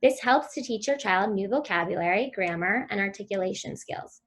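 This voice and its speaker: A woman giving a virtual conference talk on speech therapy, explaining in a clear, instructive way and sometimes modeling sounds for children. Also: medium pitch, lively intonation, normal speed, a bit bright.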